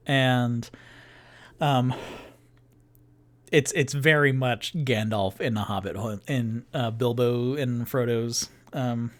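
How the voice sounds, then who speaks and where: A man runs a one-person tabletop game on a livestream, narrating slowly and loosely. He stops often on fillers and restarts his sentences as he works out the scene. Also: mid-range voice. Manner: meandering, filler-heavy narration. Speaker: game master playing solo.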